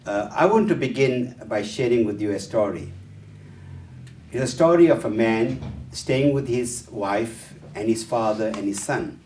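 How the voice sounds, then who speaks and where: A man's voice: mid-range voice, unhurried, a little mellow, a little hiss or hum. Man telling stories in a roomy hall. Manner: storyteller who acts out the dialogue in changed voices, with frequent fillers. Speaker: educational trainer giving a workshop talk. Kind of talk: lecture told through stories. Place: talk venue, roomy space. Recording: roomy echo, distant mic.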